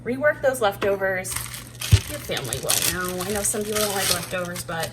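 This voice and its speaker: A woman chatting casually while she cooks at home, self-deprecating and thinking out loud as she works. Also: medium pitch, expressive, a little fast, heavy background noise. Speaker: homeschooling mom cooking on camera. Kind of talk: casual cooking chat. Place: home kitchen. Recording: distant mic with clattering dishes behind.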